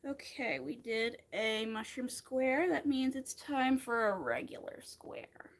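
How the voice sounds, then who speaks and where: A woman's voice: a little high, animated, slow. A woman in her thirties chatting in an upbeat way with viewers as she crochets on a live stream. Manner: chatty, upbeat, talks to viewers between stitches. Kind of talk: casual live-stream chat while crocheting.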